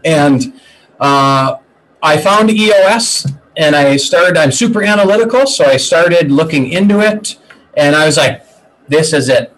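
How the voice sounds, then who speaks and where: A man's voice: on the high side, measured pace, poor audio. A man who works as a business coach, telling a personal story in a casual podcast interview and acting out past conversations. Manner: animated storyteller retelling conversations.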